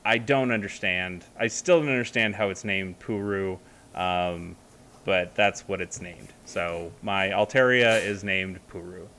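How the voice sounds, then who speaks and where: Bright-voiced casual man rambling. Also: deep voice, measured pace. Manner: rambling, with frequent fillers and restarts. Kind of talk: casual chat.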